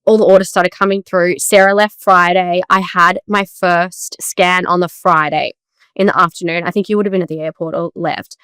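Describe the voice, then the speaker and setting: A woman's voice: on the low side, fairly even intonation, normal speed, fairly bright tone, clear, resonant tone, no room sound. A woman co-hosting a casual podcast chat, telling a personal story with lots of quoted back-and-forth. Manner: chatty, storytelling with quoted dialogue. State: tearful at times. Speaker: podcast co-host.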